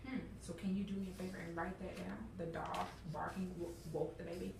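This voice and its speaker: A teacher with a fairly low, level voice and some vocal fry speaks fairly quickly as she encourages young readers, often adding "okay?" and "all right?" The classroom is roomy and noisy, recorded from a distance.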